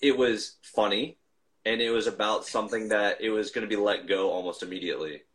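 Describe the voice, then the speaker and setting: A man's voice: fairly low pitch, fairly even intonation, fairly quick, fairly bright tone, poor audio. A man chatting casually over a video call, reminiscing in a rambling way and restarting his sentences often. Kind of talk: casual chat.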